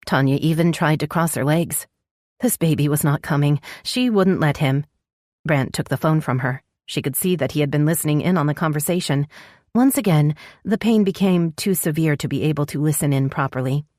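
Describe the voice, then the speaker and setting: A woman narrating an audiobook romance in a measured storytelling voice. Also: deep voice, darkish tone, no echo, clean studio sound.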